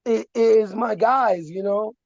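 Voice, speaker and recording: A woman hosting a casual livestream chat, talking loud and blunt, swearing freely and laughing a lot. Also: mid-range voice, takes it slowly, vocal fry, dry recording, highs cut off. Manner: loud, swearing, laughs often, coos at dogs. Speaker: livestream host.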